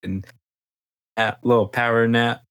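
A man's voice: medium pitch, level tone, measured pace, a bit bright, clean tone, dry recording. A man joking around in casual podcast chat.

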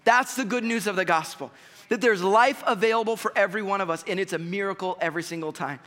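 Bright-voiced man preaching in a hall. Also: sits high, fast talker. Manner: conversational, emphatic, direct address to congregation. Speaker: pastor. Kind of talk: sermon. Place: church sanctuary. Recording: long reverb of a church hall.

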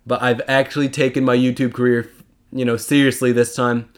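A man's voice: mid-range voice, flat delivery, a little fast. A young man hosting a casual solo podcast, rambling and chatty with self-mocking asides. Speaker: podcast host.

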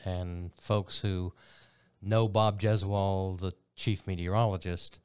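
A man with a very deep, smooth, resonant voice hosts a faith interview show. He speaks in a measured, earnest way, close on a dry studio microphone. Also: flat delivery, darkish tone, no room sound. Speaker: host of a faith interview program. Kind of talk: broadcast interview.

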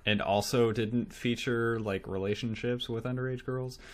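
A man's voice: medium pitch, fairly even intonation, moderate pace. A man in casual podcast chat about a movie, laid-back and joking. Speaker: podcast co-host.

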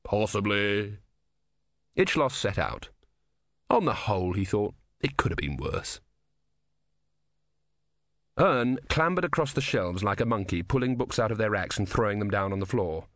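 A man narrating an audiobook with expressive storytelling. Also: fairly low pitch, moderate pace, long pauses, no echo, studio quality. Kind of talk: scripted narration.

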